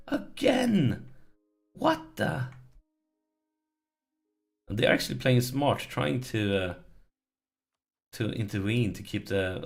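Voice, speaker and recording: A let's play host with a creaky, medium-pitched voice narrates his strategy game as he plays. He pleads with the game and groans whenever things go wrong.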